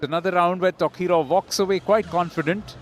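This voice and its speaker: A man commentating live on a boxing bout, giving measured, analytical play-by-play. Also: high voice, fairly even intonation, a crowd in the background.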